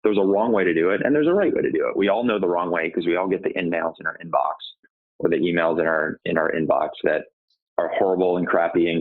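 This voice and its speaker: A man talking sales on a tinny, phone-like line. He has a low, husky voice and keeps firing off rhetorical questions, then answering them himself in a coaching tone. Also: fast talker. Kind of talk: podcast interview answers.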